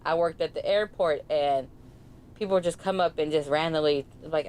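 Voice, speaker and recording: A woman's voice: sits low, moderate pace, slight background noise. A woman in her thirties with a Bay Area Californian accent, co-hosting a podcast and telling stories in a casual, slangy way, acting out what other people said. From San Francisco Bay Area. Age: 30s. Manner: animated, slangy, acts out other people's lines. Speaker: podcast co-host. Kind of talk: casual storytelling chat.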